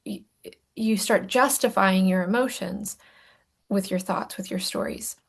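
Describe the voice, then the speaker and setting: A woman coaching through a recorded lesson on emotions, talking in a playful, self-mocking way and now and then dropping to a soft whisper for emphasis. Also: medium pitch.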